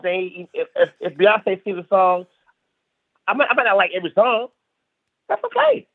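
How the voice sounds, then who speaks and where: A stand-up comedian from South Carolina, a podcast guest, goes on an emphatic, casual rant full of repeated phrases. His voice is high-pitched and very animated, at a moderate pace, in a dry, tinny, phone-like recording.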